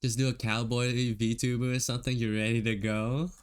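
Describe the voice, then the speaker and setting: A man's voice: mid-range voice, fairly quick, clear, resonant tone. An American man streaming while he draws, chatting casually with his viewers and laughing often. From United States. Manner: relaxed, laughs often, talks to chat. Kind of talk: casual chat while drawing.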